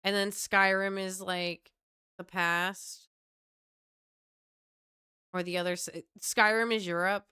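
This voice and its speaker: A woman's voice: mid-range voice, flat delivery, slow, pauses often, pushed and bright, smooth, dry recording, clean studio sound. A young woman streamer chatting casually with chatty, self-mocking asides. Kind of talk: casual live-stream chat.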